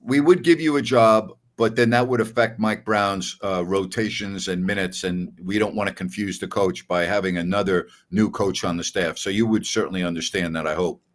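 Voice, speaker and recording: A man's voice: sits low, fairly even intonation, moderate pace, few pauses. An older man hosting a sports call-in show, blunt and emphatic when he argues. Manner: blunt, gets loud and emphatic when arguing. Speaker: sports radio host.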